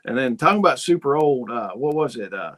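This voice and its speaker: A man chats loosely to his viewers and wanders from one story to the next. He acts out little dialogues in his own voice, and his pitch sits right in the middle. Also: expressive, a little fast, fairly bright tone. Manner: folksy, rambling storyteller who acts out dialogue. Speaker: host. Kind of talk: casual livestream chat reading viewer comments.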